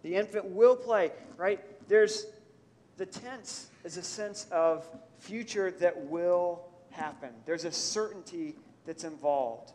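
A man preaching a sermon, talking conversationally and asking his congregation rhetorical questions, dropping soft for reflection and rising for emphasis. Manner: storytelling, swings between soft reflective lows and lifted, emphatic highs. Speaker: pastor. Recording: long hall reverb, faint room noise.

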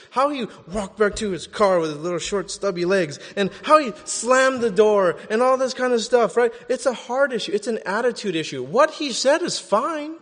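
Lively, chatty man preaching in echoing hall. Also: high-pitched. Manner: animated and conversational, often asking "right?". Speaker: pastor. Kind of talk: sermon.

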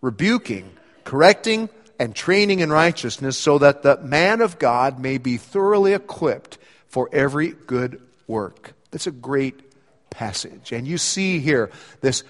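A man preaching a sermon as a pastor, explaining scripture with animated emphasis and voicing quoted lines with rising energy. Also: mid-range voice, measured pace, big-room sound.

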